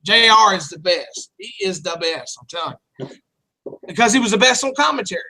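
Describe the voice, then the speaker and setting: High-voiced joking podcast host man. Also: expressive, brisk, low-quality recording. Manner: rambling, joking, crude and loud. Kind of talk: casual wrestling podcast chat.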